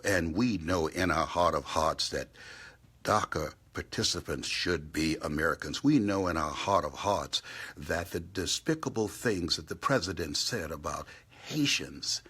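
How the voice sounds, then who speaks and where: A man giving an impassioned live motivational talk from a hotel room, swinging between hushed whispers and loud outbursts. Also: low voice, slightly rough. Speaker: motivational speaker. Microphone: live stream.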